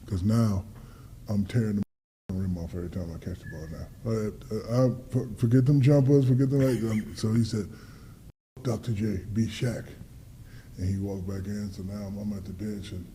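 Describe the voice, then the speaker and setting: Deep-voiced man telling animated stories. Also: moderate pace, slight background noise. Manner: animated storyteller, acts out dialogue, swears freely. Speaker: guest athlete. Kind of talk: casual storytelling interview.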